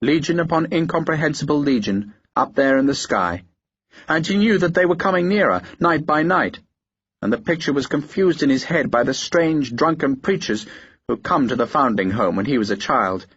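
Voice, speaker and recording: A man reading a historical war novel in a steady, measured audiobook narration. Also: on the high side, slightly rough, no echo, muffled recording.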